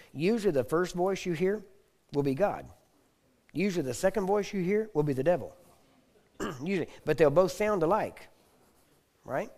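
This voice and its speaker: A man teaching a sermon, often checking in with his listeners and clearing his throat now and then. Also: fairly high pitch, warm tone. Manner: repetitive, asks the audience for agreement. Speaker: preacher.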